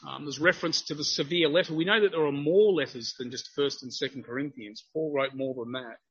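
A male preacher with a high, bright voice and a slightly husky edge delivers an earnest sermon. He builds to emphatic stretches as he explains his text. The recording sounds a little dull and lo-fi. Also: a little fast. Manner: earnest, grows emphatic when quoting.

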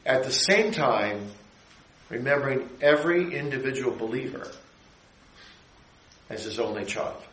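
A middle-aged man preaching a sermon, building his phrases to emphatic high peaks and then dropping low. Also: animated, a little slow, long pauses, fairly bright tone, reverberant, rough recording.

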